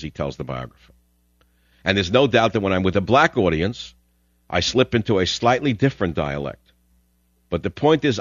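An older man with a very low, deep voice delivers a combative talk radio monologue, heavy with sarcasm and sudden emphatic bursts. The sound is dry and close, a little dull and muffled. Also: dry recording.

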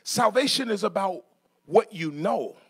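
A middle-aged man preaching a sermon in church, moving from soft asides to shouted passages and joking with the congregation. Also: high-pitched, expressive, measured pace, gravelly, slightly rough. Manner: jokes with congregation, laughs. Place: church sanctuary.

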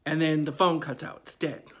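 A man's voice: a little high, flat delivery, normal speed, fairly bright tone. A man in his forties telling a true ghost story in a conversational, emphatic way, often repeating his phrases. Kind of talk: casual spoken storytelling.

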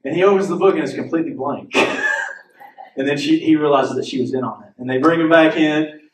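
A man's voice: a little high, fairly quick, reverberant, far from the mic, slight background noise, low-quality recording. A male pastor preaching a sermon, telling stories with laughs and acting out the characters' lines. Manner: animated storytelling with laughs and acted-out quotes. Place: church sanctuary.

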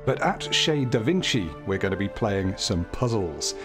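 A man's voice: lowish voice, very animated, measured pace. A man hosting a casual let's play, chatting along and reading on-screen text aloud with light jokes. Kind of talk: casual gameplay commentary. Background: game music.

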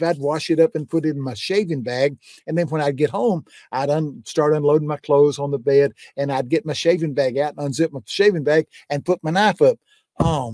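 An older man with a slightly high voice tells faith stories in a homespun, fervent way. He keeps coming back to emphatic refrains as he talks. The sound is close and dry, with no room echo. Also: warm tone. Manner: folksy, fervent, repeats "I'm telling you". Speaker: guest preacher. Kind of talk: testimony storytelling in a conversation.

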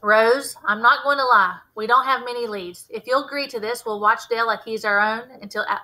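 A steady male detective from a storybook lays out his plan in a firm, reassuring way, as a woman reader gives him voice. The voice is bright and a touch high, loud and earnest, keen to win people over. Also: a little fast, poor audio. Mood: persuasive. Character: steady male small-town detective, calm and persuasive. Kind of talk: read-aloud character voice.

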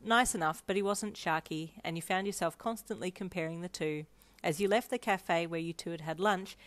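A woman's voice: fairly low pitch, no echo. A woman narrating a second-person fan fiction story, reading expressively and voicing every character. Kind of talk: narrated reader-insert story.

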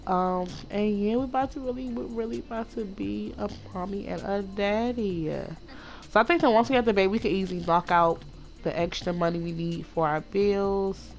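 A woman giving casual, chatty commentary as she plays a life-simulation game, talking excitedly to her viewers. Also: medium pitch, moderate pace, faint music behind. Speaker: let's play host.

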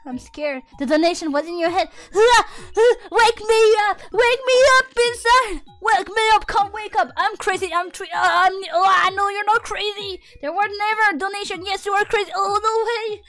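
A young woman streaming from her room, chatting in an excitable, shrieky way, swearing and dropping Japanese words. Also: very high-pitched, a little fast, hardly any pauses, faint music behind. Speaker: VTuber streamer. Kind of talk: casual live-stream chat.

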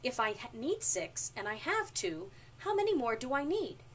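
Woman voicing a small weepy worm boy for a storybook; high, lively swings, cheers loudly when happy; distant mic. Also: normal speed. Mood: counting. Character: small young male worm, tearful then excitable. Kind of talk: children's storybook reading. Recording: distant mic, faint background noise.

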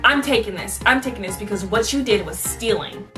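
A woman voicing an angry older woman who rapidly accuses a cashier of stealing. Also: mid-range voice, expressive, recorded from a distance, music in the background, close to an everyday voice. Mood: accusing. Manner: loud, fast, accusing.

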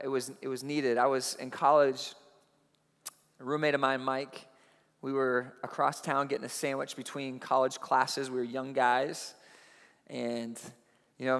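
A man preaching a sermon, telling a personal story in an animated way that rises loud at the tense moments. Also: mid-range voice, clear, resonant tone. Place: church auditorium. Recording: long hall reverb.

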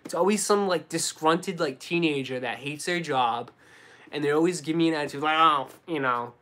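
A young man with a Boston accent, chatting casually on a live stream and answering viewers, relaxed and full of slang. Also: on the high side, a little fast. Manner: relaxed, slangy, says dude and bro a lot. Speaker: sneaker YouTuber answering live chat.

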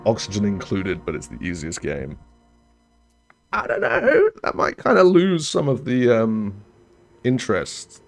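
A young gaming streamer with wildly swooping pitch and vocal fry comments at a measured pace on a colony-building game, with faint music behind. His casual let's-play talk rambles, corrects itself, and trails off low.

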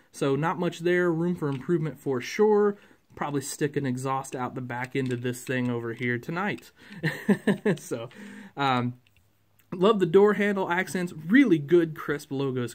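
Chatty man, slightly high voice. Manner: rambling, chatty, with frequent fillers and chuckles. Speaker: toy collector reviewing a model truck. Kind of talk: casual unscripted review.

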